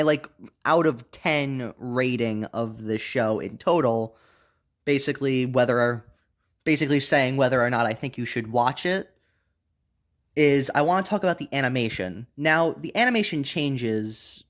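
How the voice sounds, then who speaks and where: A young man giving a casual, unscripted anime review, rambling with many restarts and fillers. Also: mid-range voice.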